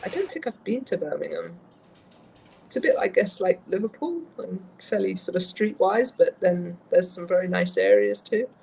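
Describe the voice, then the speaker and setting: A woman's voice: on the low side, animated, moderate pace, creaky, mellow, husky, poor audio. A woman guest, a book cover designer chatting casually over a video call, laughing often. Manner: light, giggly, frequent laughter.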